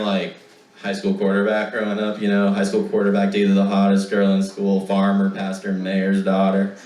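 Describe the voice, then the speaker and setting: A man's voice: fairly low pitch, echoey room, far from the mic, very noisy. A man doing a stand-up comedy set, acting out both sides of a story and rising into frantic, pleading outbursts.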